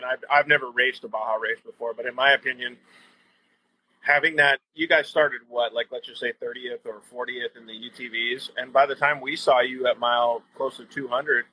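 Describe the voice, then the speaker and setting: Male host, casual live-stream chat, upbeat and rambling, bright edge, dry close sound. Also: medium pitch, husky, no room sound, poor audio. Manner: enthusiastic, rambling with fillers. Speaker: show host.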